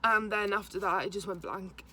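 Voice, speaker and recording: A young woman, haltingly retelling a personal story to camera, with many restarts. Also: medium pitch, fairly even intonation, pushed and bright, husky. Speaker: vlogger.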